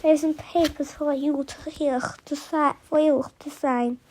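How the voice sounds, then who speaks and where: A woman's voice: high voice, steady tone, a little slow, mellow, slight background noise. A woman reading the lines of a polite ginger-haired Scottish ground worker, in a plain voice with little change from her own.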